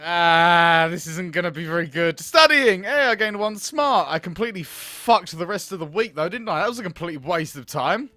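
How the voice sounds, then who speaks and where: A man's voice: high voice, normal speed, few pauses, pushed and bright, dry recording. A man doing let's play commentary on a game, grumbling, swearing and sarcastic. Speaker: gaming video host.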